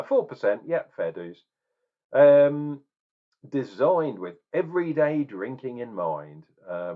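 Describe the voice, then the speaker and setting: Rambling man, animated pitch. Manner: rambling, chatty, self-correcting asides. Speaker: beer reviewer. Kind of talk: casual beer review vlog. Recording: dull lo-fi recording.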